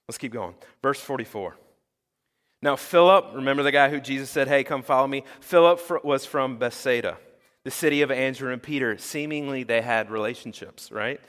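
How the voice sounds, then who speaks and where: A male pastor giving a sermon in a lively, conversational preaching style that acts out quotes. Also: mid-range voice, normal speed, big-room sound.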